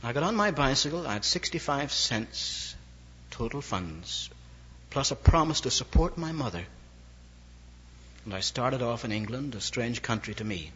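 A man's voice: medium pitch, normal speed, husky. An older man from Ireland, an evangelist telling a wry, anecdotal story in a sermon. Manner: wry, anecdotal, lively inflection. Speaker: evangelist preacher. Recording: dull lo-fi recording, long hall reverb.

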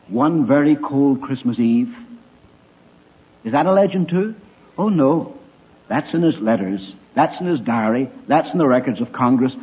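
An older man giving an emphatic evangelistic talk to young people, full of wry rhetorical questions. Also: a little high. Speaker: speaker addressing young people. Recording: tinny phone-like recording.

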